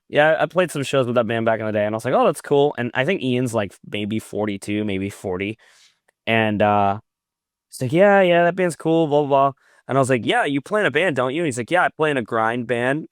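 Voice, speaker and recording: Here the metal vocalist speaks at a medium pitch, recorded with clean studio sound and no echo. As a podcast guest on a video call, he chats casually through long stories, performing quoted exchanges and cursing a lot.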